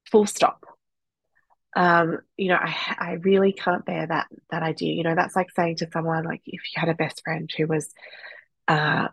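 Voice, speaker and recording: Woman, 30s, breastfeeding supporter; blunt, lively, swears; slightly husky, lower voice. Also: no room sound, rough recording. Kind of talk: candid advice talk.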